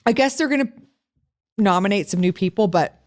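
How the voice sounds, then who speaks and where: A woman co-hosting a podcast in loose, casual conversation. She talks with a sarcastic, profane bite and animated storytelling, her pitch sitting in a middle range. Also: fairly quick. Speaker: podcast co-host. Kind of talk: casual chat.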